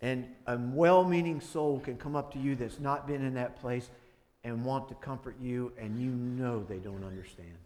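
A man preaching a sermon, voice climbing loud when he acts out prayers and dialogue, then dropping soft and low for grief. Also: moderate pace. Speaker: pastor.

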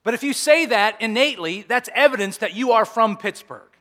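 A man's voice: high-pitched, lively intonation, fairly quick, sharp tone. A middle-aged male pastor preaching a sermon in a conversational way, with humorous asides.

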